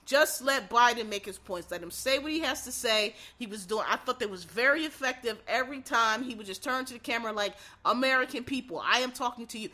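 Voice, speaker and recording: Female solo commentator, forceful and bright, animated rambling delivery with profanity. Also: on the high side, brisk, few pauses. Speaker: political commentator.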